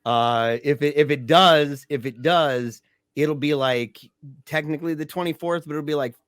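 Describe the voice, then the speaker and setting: On a podcast, a middle-aged guest shares something from his own life in a stop-and-start, chatty way, breaking off to begin again and letting out gentle laughs. His voice runs a little high, captured in a dry, studio-quality recording.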